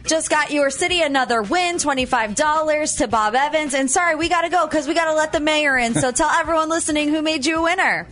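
A woman co-hosting a radio morning show, running a quiz game in a quick, upbeat way and laughing easily. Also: high voice, a bit bright, faint music behind. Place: radio studio. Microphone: studio mic.

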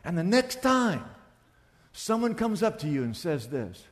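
A male pastor preaching a sermon, acting out back-and-forth dialogues in a lively, conversational way. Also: high-pitched, moderate pace, long reverb tail.

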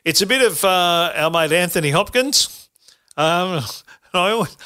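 A man's voice: sits high, expressive, measured pace, sharp tone, smooth. A middle-aged man hosting a casual podcast chat, rambling with lots of fillers and restarts. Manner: rambling with many fillers and restarts, laughs easily. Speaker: podcast host.

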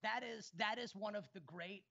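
A man's voice: high-pitched, moderate pace, vocal fry, bright, forceful tone, highs cut off. A man co-hosting a casual sports podcast over a video call, teasing his guests and swearing freely. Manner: teasing, joking, profane. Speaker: podcast host.

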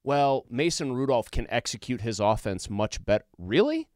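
Blunt sarcastic man with a smooth voice. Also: medium pitch, expressive, normal speed, darkish tone, no room sound, studio quality. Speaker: sports podcast co-host. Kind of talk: casual sports debate.

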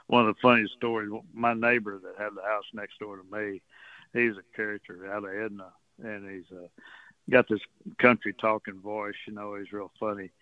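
A man's voice: fairly low pitch, little pitch movement, normal speed, no room sound. A man, a guest on a radio show, telling stories in a folksy, rambling way and chuckling often. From Texas coast. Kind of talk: casual storytelling on radio. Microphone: phone call. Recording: tinny phone line.

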